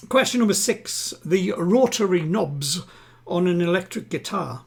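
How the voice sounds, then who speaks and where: A man hosting a live-streamed home quiz, chatting with players and reading each question twice, slowly. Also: sits high, lively intonation, gravelly, a little mellow, slightly rough. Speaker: quiz host. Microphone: home streaming setup.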